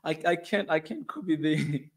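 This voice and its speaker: A man's voice: on the high side, sing-song, moderate pace, vocal fry, husky. A man with a Tanzanian accent giving a passionate, emphatic opinion monologue as a channel host. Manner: passionate and emphatic, repeats points.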